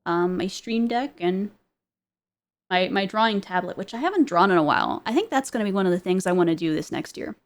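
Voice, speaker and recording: A woman's voice: medium pitch, animated, a little fast. A woman streamer in casual chat, rambling with many fillers and frequent giggles.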